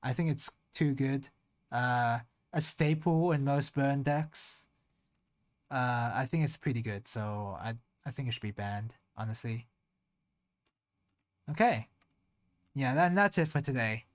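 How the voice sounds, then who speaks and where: In medium pitch, a streamer thinks aloud during a casual live stream. They slowly sound out Japanese words syllable by syllable, then trail off into mutters.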